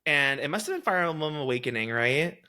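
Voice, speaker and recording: A man's voice: a little high, lively intonation, a little fast, pushed and bright. A chatty man hosting a casual podcast, giggly and tripping over his words, with an accent mixing Valley girl and New York speech. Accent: mix of Valley girl and New York. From Texas. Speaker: podcast host.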